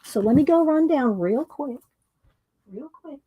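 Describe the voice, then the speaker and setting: A woman's voice: high-pitched, lively intonation, unhurried, highs cut off. A middle-aged woman hosting a casual art livestream from her home craft room, chatting to viewers as she works. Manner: chatty, talks to viewers while working.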